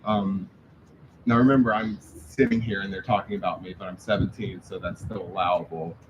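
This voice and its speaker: In a deep, brisk voice with fairly even intonation, a man eulogizes his father at a memorial service venue, recounting family stories with warmth and light humor. The recording is low quality, with slight background noise.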